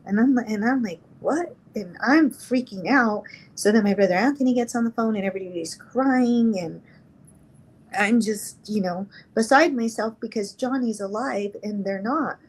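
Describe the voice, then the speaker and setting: A woman's voice: mid-range voice, slightly rough, poor audio. Middle-aged woman retelling an emotional story. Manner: halting, emotional, reenacts dialogue. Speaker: interview guest. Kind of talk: personal storytelling in an interview.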